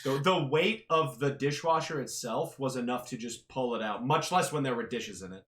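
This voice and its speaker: A woman's voice: very deep voice, moderate pace. A woman guest in casual chat, telling stories with acted-out quotes. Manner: lively storytelling with voiced-out quotes.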